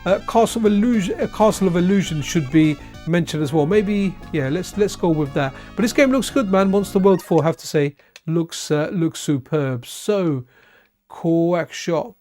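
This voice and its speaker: Tired, chatty high-voiced man streaming games. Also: expressive, moderate pace, darkish tone, faint music behind. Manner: chatty, rambling, repeats words, says "man" a lot. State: tired, yawning. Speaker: streamer playing retro games. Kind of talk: casual live-stream commentary.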